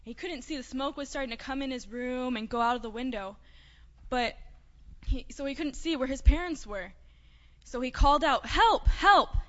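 A woman with a fairly high voice tells a children's story during a church service. She speaks gently and plainly. The recording is dull and lo-fi, and a long reverb trails her words. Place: church sanctuary.

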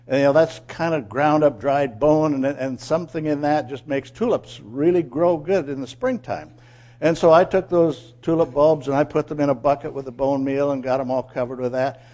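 Animated man telling a moral story. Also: mid-range voice, muffled recording. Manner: animated, asks listeners questions, acts out quotes. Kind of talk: storytelling sermon.

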